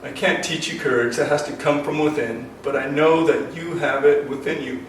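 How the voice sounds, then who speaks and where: A man's voice: fairly high pitch, steady tone, normal speed. Older man, earnest and echoey. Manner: earnest, rambling, with many ums and uhs. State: emotional, choked up. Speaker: self-defense instructor. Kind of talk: casual instructional talk to camera. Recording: very echoey, distant from the mic, faint noise.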